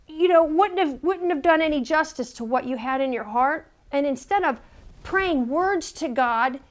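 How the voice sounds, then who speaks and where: A woman with a high voice preaches an earnest sermon. She stumbles over repeated words as she builds her point and turns to her listeners with direct questions. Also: expressive, moderate pace.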